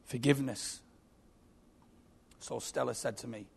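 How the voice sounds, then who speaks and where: A man's voice: mid-range voice, steady tone, measured pace, gravelly, darkish tone, breathy edge. A man preaching a sermon, earnest and emphatic, telling a story.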